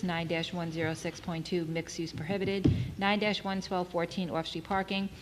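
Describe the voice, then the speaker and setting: A woman clerk reading out zoning case records in a formal, measured way. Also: lowish voice, background noise. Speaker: board clerk.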